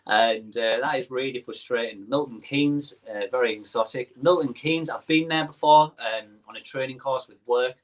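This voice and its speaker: A man's voice: mid-range voice, moderate pace, few pauses. Young man, Teesside accent, friendly livestream host reading chat aloud, casual and rambling. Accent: Teesside English. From northeast England. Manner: chatty, reads comments aloud, lots of ums.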